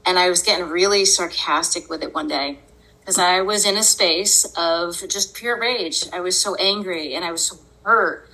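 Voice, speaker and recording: A woman hosting a podcast, telling a personal story in an earnest, unhurried way and often breaking into laughter. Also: lowish voice, bright, forceful tone, low-quality recording. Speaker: podcast host.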